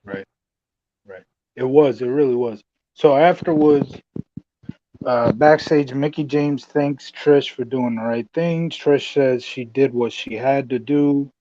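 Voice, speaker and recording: A man's voice: medium pitch, takes it slowly, mellow. A man hosting a casual wrestling podcast who recaps events and steers the talk. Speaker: podcast host. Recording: dry, dull lo-fi sound.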